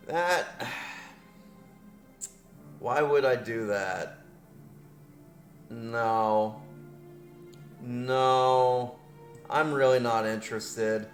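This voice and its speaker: A man's voice: medium pitch, drawn-out words, pauses often, faint music behind. A man casually commentating his strategy game with his headset on, rambling and correcting himself, laughing often. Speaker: gameplay commentator. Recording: roomy echo.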